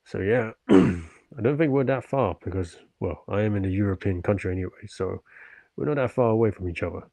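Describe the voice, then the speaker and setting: A man's voice: on the low side, lively intonation, brisk, gravelly, mellow, no echo. A man from the UK chatting on his livestream, answering viewers politely and earnestly after a stretching session. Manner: polite and earnest, often thankful; talks while stretching and working out.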